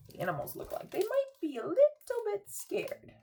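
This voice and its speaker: A young woman teacher reading a picture book aloud to children in a rhythmic, expressive way, pausing to ask them questions. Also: extremely high pitch, creaky. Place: cozy room at home.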